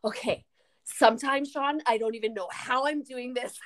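A woman's voice: fairly high pitch, moderate pace. Giggly woman podcast guest. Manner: giggly, animated storytelling with frequent laughter. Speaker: podcast guest, retreat facilitator. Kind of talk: casual podcast chat.

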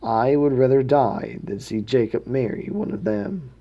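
A man's voice: mid-range voice, very animated, measured pace, vocal fry, highs cut off, exaggerated voice. A man reading the words of a worried mother warning her son, in his own plain reading voice with small slips. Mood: urgent. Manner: plain read-aloud delivery with slips.

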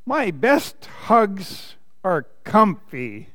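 A man's voice: sits high, very animated, very slow, pushed and bright, no echo, pitched above the performer's own voice, exaggerated voice. A man voicing a lonely young bear who wants a hug, in an eager, wistful storybook voice. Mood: musing. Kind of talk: reading a picture book aloud.

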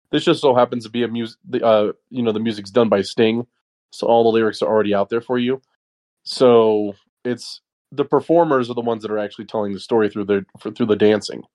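A man's voice: mid-range voice, a little mellow. A man co-hosting a review podcast, explaining things in a loose, rambling way. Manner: rambling, restarts often. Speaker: podcast co-host. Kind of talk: casual chat.

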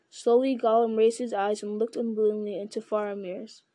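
A woman's voice: medium pitch, level tone, normal speed, few pauses, warm tone, no echo. A woman reading a novel aloud in a plain way, with small stumbles. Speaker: reader.

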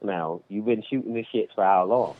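A man's voice: lowish voice, moderate pace. A man co-hosting a casual podcast chat, laid-back and hesitant, full of fillers. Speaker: podcast co-host. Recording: tinny phone-like line.

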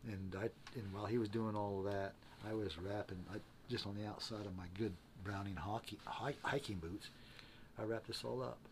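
A man's voice: fairly low pitch, steady tone, moderate pace, slight background noise. A man telling a long personal story in casual conversation, in a plainspoken, earnest way that often stops to repeat and restart his words. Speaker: interview guest.

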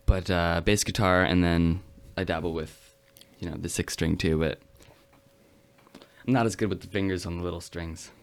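Modest low-voiced American guy. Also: steady tone, moderate pace. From United States. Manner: modest, hesitant, lots of fillers. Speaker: touring musician guest. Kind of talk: casual chat.

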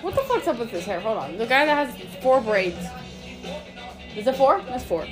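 A woman's voice: a little high, very animated, normal speed, over music. A young woman hosting a casual podcast, telling stories animatedly with frequent swearing and laughter. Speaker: podcast host. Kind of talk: casual chat.

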